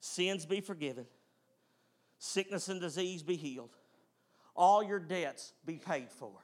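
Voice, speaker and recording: Man, pastor, fervent sermon, emphatic, high voice, loud-to-hushed swings. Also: a little slow.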